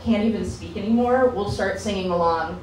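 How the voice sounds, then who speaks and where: A woman's voice: medium pitch, a little fast, darkish tone, slight background noise. A woman doing a stand-up comedy set, chatty and loose, who often laughs through her own lines. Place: comedy lounge stage. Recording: echoey room, mic from far.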